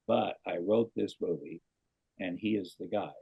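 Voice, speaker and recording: Sitting low with a creaky, breathy edge, the man talks at a moderate pace. He's a middle-aged comedian from Iowa, animated as he tells a long anecdote in a casual interview and performs the quoted voices, all captured in dull lo-fi podcast audio.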